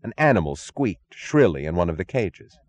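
Deep-voiced male audiobook narrator. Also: sing-song, moderate pace, dry recording. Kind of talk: scripted narration.

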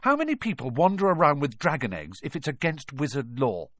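A man's voice: on the high side, sing-song, a little fast, a bit bright, no echo, clean studio sound, voice pushed up. Man voicing a worried, urgent young wizard boy.

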